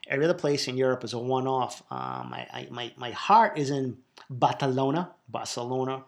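A man from Boston with a strong Boston accent hosts a podcast and answers listener questions. His voice sits at a middling pitch with a gravelly edge. He speaks fast, bluntly and with a lot of feeling, and swears freely. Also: wildly swooping pitch. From Boston, USA. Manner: raw, emotional, profane, speaks quickly from the heart. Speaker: podcast host. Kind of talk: casual podcast Q&A monologue.

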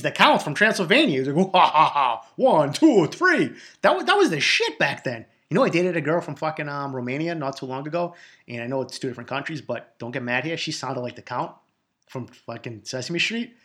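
Brief: man in his 40s, podcast host, cursing and rambling, quick and a touch high. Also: animated, sharp tone. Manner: profane, rambling, hyped-up. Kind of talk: solo casual monologue.

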